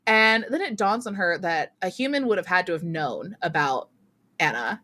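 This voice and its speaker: A woman's voice: fairly low pitch, normal speed. A young woman co-hosting a casual book club chat, retelling a plot in an easy manner and breaking into laughter. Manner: relaxed storytelling with bursts of laughter. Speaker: book club podcast co-host.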